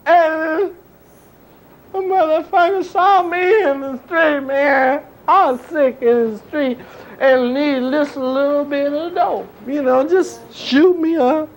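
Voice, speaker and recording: A man voicing a desperate, strung-out male junkie in a stand-up bit, whining, cracking into sobs and shouts, drawling his profanity. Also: very high-pitched, takes it slowly, heavily acted, low-quality recording.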